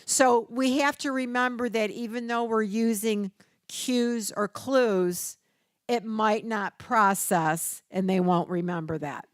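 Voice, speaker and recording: Slow-talking older woman teaching caregivers. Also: a little high, fairly even intonation, no echo, studio quality. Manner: storytelling, acts out quoted voices. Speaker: caregiving workshop presenter. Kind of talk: teaching workshop talk.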